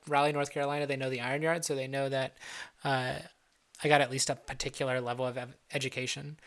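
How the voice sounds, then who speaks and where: A man's voice: medium pitch, fairly bright tone. A young adult man from Ohio with a Midwestern accent and a slight Southern twang, hosting a casual live stream chat and answering viewers' questions in a joking, loose way. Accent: Midwestern American with a slight Southern twang. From Ohio, USA. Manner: joking, loose, playful teasing. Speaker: livestream host.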